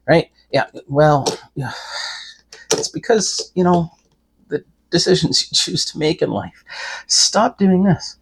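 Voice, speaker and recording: A man's voice: fairly high pitch, lively intonation, slow pace, creaky, breathy edge. An older man talking in a folksy, rambling way, giving preachy advice from inside a car. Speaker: vlogger. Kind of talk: casual rambling talk to camera.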